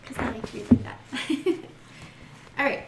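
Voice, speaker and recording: A woman's voice: high voice, takes it slowly. A woman casually leading a Bible study, reading scripture aloud, giggling often and stopping to muse on what she reads. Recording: echoey room with faint noise.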